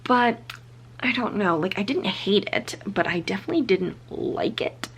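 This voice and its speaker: A woman's voice: medium pitch, lively intonation, normal speed, a little hiss or hum. A young woman chatting casually about the books she read, full of fillers and often dropping to a whisper. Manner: chatty, frequent fillers, drops into unvoiced whispers. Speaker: book vlogger. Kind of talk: casual book review chat. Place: indoors at home.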